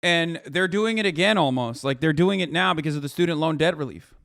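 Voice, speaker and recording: A man in his thirties giving casual live-stream commentary, blunt, mocking and profane, talking fast in bursts. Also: fairly high pitch, fairly bright tone, dry recording, studio quality. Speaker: political streamer.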